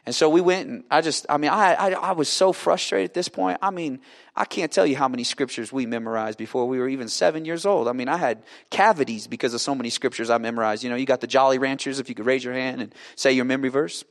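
A man preaching, telling a story with lively acted-out dialogue that swings from loud to hushed. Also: medium pitch, fast. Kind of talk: sermon storytelling.

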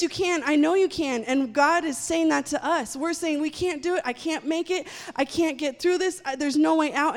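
A woman preaching a sermon and leading prayer in a church, speaking with fervent conviction. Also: high voice. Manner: fervent, rising to loud praying. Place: church sanctuary. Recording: long hall reverb, faint music.

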